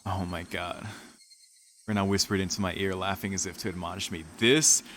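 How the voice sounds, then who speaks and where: Young man, lowish voice, rambling, swearing, shaken, faint hiss behind. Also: fairly even intonation, moderate pace, a bit bright. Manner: rambling, swearing, many fillers. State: shaken, dizzy. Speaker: streamer playing a visual novel. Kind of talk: reading aloud and reacting.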